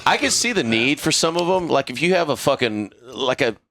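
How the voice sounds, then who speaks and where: A man telling a crude, animated story in a casual podcast chat. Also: mid-range voice, brisk, no echo, studio quality. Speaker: podcast crew member.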